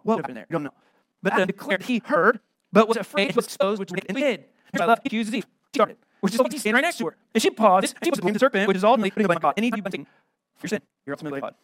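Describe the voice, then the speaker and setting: A middle-aged American pastor preaching a sermon, emphatic and full of rhetorical questions. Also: male voice, high voice, dry recording.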